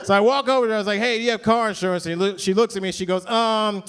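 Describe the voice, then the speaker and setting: Animated high-voiced stand-up comedian. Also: male voice, quick pace. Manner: animated storytelling with acted-out voices. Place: comedy club stage. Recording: live crowd laughter.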